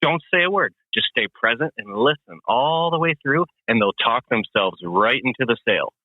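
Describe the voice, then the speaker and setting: A man's voice: medium pitch, animated, normal speed, no echo. Confident guy coaching on sales over the phone, tinny dry line. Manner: confident, emphatic, acts out customer talk. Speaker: guest landscaping business coach. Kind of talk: phone interview, sales advice. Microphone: phone call.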